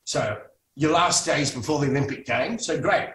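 Casting note: man, rambling storyteller, slightly high voice, echoey room, mic at a distance. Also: normal speed, a bit bright. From Australia. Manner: rambling, frequent restarts, swears for emphasis. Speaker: guest, former soap actor. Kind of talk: casual storytelling interview.

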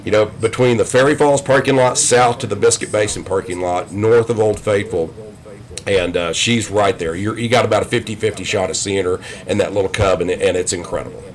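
A middle-aged man telling stories in a casual podcast interview, rambling and animated, with frequent restarts. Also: fairly low pitch, fairly quick. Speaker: guest.

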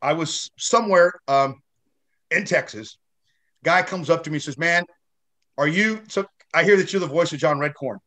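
A man's voice: fairly high pitch, moderate pace, pushed and bright. A man being interviewed as an actor guest, still shaken after a head injury, talking in a rambling way with many restarts and casual swearing.

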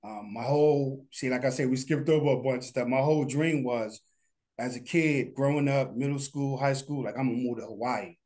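A man's voice: medium pitch, moderate pace. Laid-back man, rambling interview talk. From New Jersey. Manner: relaxed, rambling, many fillers. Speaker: guest, animation studio founder.

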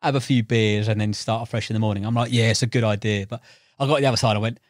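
A young man, a podcast guest, telling stories in casual chat, animated and laughing, acting out voices now and then. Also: on the low side, rapid-fire, no echo, clean studio sound. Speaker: podcast guest, tackle shop owner and angler.

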